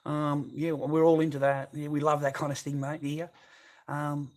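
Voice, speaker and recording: A man's voice: on the high side, flat delivery, normal speed, darkish tone. A man with an Australian accent hosting a casual livestream, talking to his viewers in a rambling way full of swearing and fillers. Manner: rambling, heavy swearing, constant filler words. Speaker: livestream host. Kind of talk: casual livestream chat, reading viewer comments.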